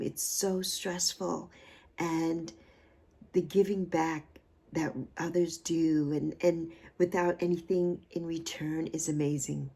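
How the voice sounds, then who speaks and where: Gravelly, husky, and warm, the lowish voice belongs to a woman in her sixties hosting a livestream. She speaks effusively and from the heart, still emotional, and repeats phrases for emphasis in this casual chat.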